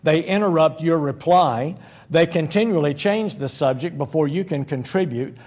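A man's voice: on the high side, moderate pace, a little mellow. A man preaching a sermon in a conversational, folksy way, with humorous one-liners and frequent restarts.

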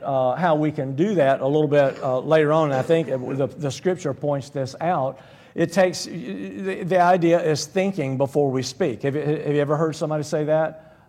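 A man's voice: on the high side, darkish tone. A man preaching a sermon in a conversational, folksy way, with humorous one-liners and frequent restarts.

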